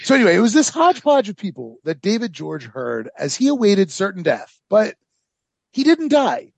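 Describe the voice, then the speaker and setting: A man's voice: high-pitched, huge pitch swings, normal speed, gravelly, slightly rough, no room sound. A man hosting a casual history podcast, telling the story with rambling sarcastic asides and lots of fillers. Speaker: podcast host.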